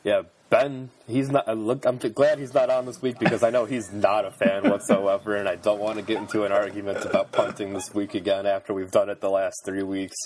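A man's voice: lowish voice, flat delivery, a little fast, hardly any pauses, darkish tone. A man co-hosting a podcast, talking sports casually and hesitantly, with many fillers and restarts. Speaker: podcast co-host.

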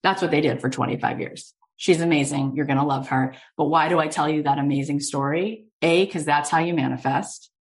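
A woman podcast host and coach, telling a story in an animated, emphatic way with lots of casual fillers. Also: deep voice, a little fast, hardly any pauses. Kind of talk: storytelling monologue.

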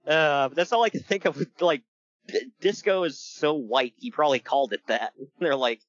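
Male podcast co-host, playful and animated, slightly higher pitch, dry muffled recording. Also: a little slow, pauses often, no room sound. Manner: animated, jokey, laughs often. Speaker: podcast co-host recapping wrestling. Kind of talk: casual chat.

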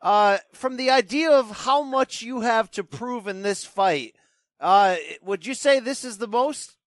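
A man hosts a casual interview, upbeat and quick to joke. His voice sits fairly high. The sound is dry and close. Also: dry recording. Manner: jokey and upbeat.

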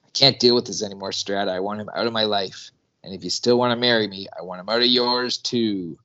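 A man's voice: lowish voice, steady tone, fast, sharp tone, highs cut off. Hot-headed hero, blunt and angry, voiced by a man. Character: hot-tempered male hero, itching for a fight.

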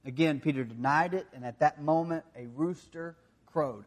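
A man from the American South with a Southern accent, preaching a sermon with self-deprecating stories that drop into quiet, confessional moments. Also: a little high, moderate pace. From Southern United States. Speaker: pastor.

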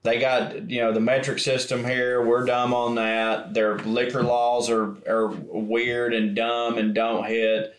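A man's voice: medium pitch, level tone, slow, few pauses. A man co-hosting a podcast in casual chat, chiming in with wry, blunt remarks. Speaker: podcast co-host. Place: room on a trip abroad. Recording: roomy echo.

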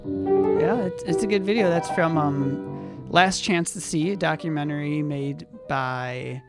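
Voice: mid-range voice, animated, measured pace, over loud music. A podcast host interviewing a guest in a playful, teasing casual chat.

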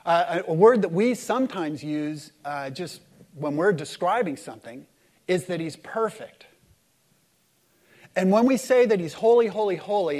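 High-voiced man preaching with dramatic swings. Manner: dramatic, swings from loud emphasis to hushed, slow lines; leads the congregation in call-and-response. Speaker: pastor. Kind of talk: sermon.

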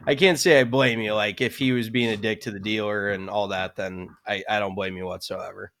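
A young man co-hosting a podcast in relaxed, chatty conversation. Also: on the low side, normal speed. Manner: relaxed and chatty, frequent fillers. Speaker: podcast co-host. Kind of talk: casual chat.

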